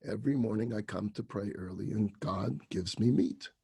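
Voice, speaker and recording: Guy playing a poor humble caretaker, quiet and plain, husky. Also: lowish voice, moderate pace, no room sound, studio quality, voice pushed down, exaggerated voice.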